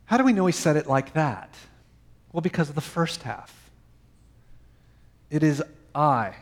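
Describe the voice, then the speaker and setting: Man preaching with soaring and hushed turns. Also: on the high side, big pitch swings, a little slow. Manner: dynamic preaching, dropping to soft quiet phrases. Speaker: pastor. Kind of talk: sermon.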